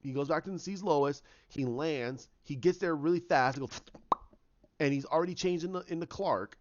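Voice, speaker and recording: A man's voice: fairly high pitch, normal speed, a little mellow. A man casually retelling his own movie idea, rambling with many restarts and fillers. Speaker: fan pitching a movie idea. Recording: dull lo-fi recording.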